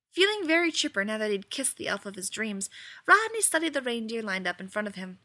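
A woman reading a story aloud in an expressive, lively way. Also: a little high, fairly quick, dry recording. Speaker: reader. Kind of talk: storybook narration.

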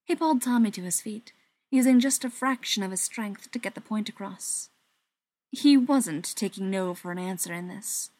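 A woman reading a story aloud in an even, soft narrating voice that sometimes drops to a whisper. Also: medium pitch, moderate pace, dry recording.

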